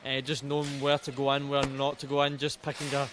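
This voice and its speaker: Young Scottish racing driver, flat delivery, stumbles over words, noisy outdoor track. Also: male voice, mid-range voice, a little fast. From Scotland. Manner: flat, repeats words, many restarts. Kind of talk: post-race interview. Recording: outdoor interview with clear background noise.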